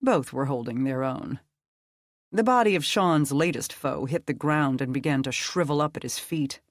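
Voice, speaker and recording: An audiobook narrator reading a dark fantasy story in a steady, measured way. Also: medium pitch, dry recording, clean studio sound.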